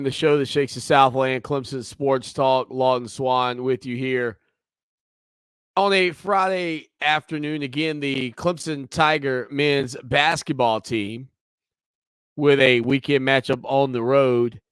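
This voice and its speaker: Male sports talk host, mid pitch, dry close studio sound, chatty and opinionated. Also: measured pace, fairly bright tone, smooth, dry recording. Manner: conversational, opinionated, teasing asides. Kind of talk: sports talk radio monologue.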